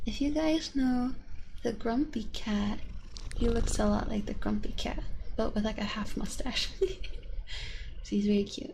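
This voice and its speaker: Woman ASMR streamer, mellow gravelly voice, rambly soft chat with some whispering into a binaural mic. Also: fairly high pitch, a little hiss or hum. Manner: rambling and chatty, with many fillers. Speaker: VTuber streamer. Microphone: binaural ASMR microphone.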